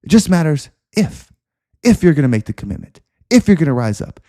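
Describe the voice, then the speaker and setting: A man's voice: a little high, big pitch swings, a little fast, dark tone. A man hosting a podcast, delivering an intense, repetitive motivational monologue with preacher-like emphasis. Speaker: podcast host.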